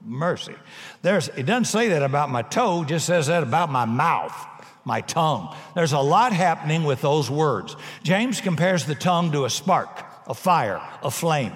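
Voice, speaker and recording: A man's voice: fairly high pitch, expressive, moderate pace. A man preaching a sermon with emphatic delivery and humorous asides in a large church. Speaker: pastor. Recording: long hall reverb.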